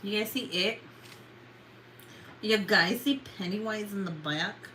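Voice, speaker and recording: A woman's voice: mid-range voice, slow, sharp tone, a little hiss or hum, rough recording. A tired young woman chatting casually in a late-night livestream, rambling and swearing with lots of fillers. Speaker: vlogger.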